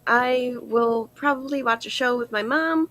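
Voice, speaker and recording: A woman's voice: fairly high pitch, a little slow, fairly bright tone, dry recording. A woman co-hosting a casual livestream chat, giving short agreeing replies. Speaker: livestream co-host.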